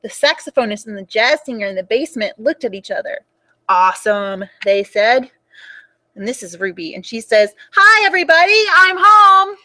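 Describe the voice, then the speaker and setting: A young woman reading a picture book aloud for children at storytime, in an animated and expressive way. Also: medium pitch, fairly quick.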